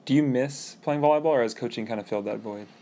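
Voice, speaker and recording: A man's voice: mid-range voice, fast, mellow. A man co-hosting a casual podcast, asking playful, joking questions. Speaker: co-host.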